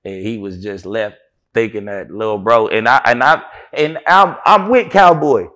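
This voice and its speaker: A man being interviewed, telling a story in an animated way with heavy slang, acting out what others said. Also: on the low side, normal speed. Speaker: interview guest.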